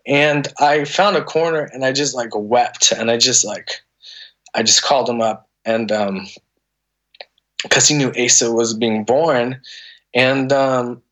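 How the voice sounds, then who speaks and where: A man in his thirties speaks as a guest on a podcast, sharing a personal story. His voice sits in an ordinary middle pitch, and his delivery is earnest and emotional, full of stops, restarts and fillers as he works through what he wants to say. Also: steady tone, a little slow, fairly bright tone. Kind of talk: candid conversational storytelling.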